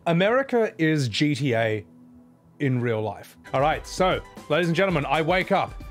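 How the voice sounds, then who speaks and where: A man in a casual vlog, telling a trip story in an animated way, swearing freely. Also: on the high side, a little slow, faint music behind. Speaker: vlogger.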